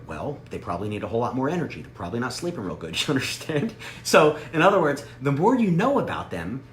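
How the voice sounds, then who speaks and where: Animated fast-talking man coaching sales. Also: medium pitch. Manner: animated, acts out sample phone calls. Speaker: sales trainer. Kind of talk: energetic coaching talk. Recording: echoey room with faint ambient noise.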